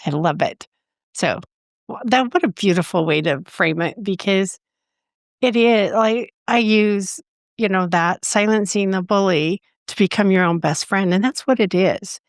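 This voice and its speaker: A woman's voice: medium pitch, measured pace, no echo, clean studio sound. A woman hosting a podcast interview, enthusiastic and affirming toward her guest. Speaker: podcast host.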